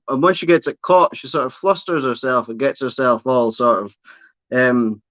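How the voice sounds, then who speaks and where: A man chats casually on a livestream, rambling fondly about his spider and cooing at her between thoughts. His voice sits mid-pitch, recorded dry and slightly dull, like a camera mic on a tripod. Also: a bit bright, dry recording. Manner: chatty, fond baby talk to his spider. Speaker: livestream host showing pet reptiles and spiders. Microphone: camera on a tripod, close by.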